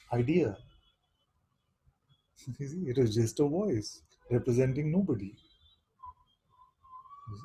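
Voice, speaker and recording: A man teaching seekers at a satsang in a soft, dark, slightly husky voice. He speaks at an unhurried pace and keeps turning his points into questions, often asking "you see?". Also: mid-range voice, rough recording. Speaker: spiritual teacher.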